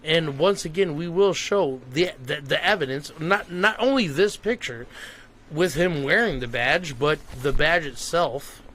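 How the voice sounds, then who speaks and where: A man's voice: fairly high pitch, a little slow, a bit bright. A man hosting a casual podcast, joking with his guest in loose, playful banter. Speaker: podcast host.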